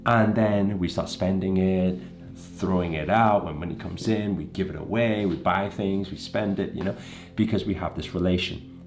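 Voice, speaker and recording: A man's voice: deep voice, normal speed, a little mellow, soft background music. A man from England giving an emphatic motivational talk to camera, often checking in with "right?" and "you know". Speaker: motivational speaker.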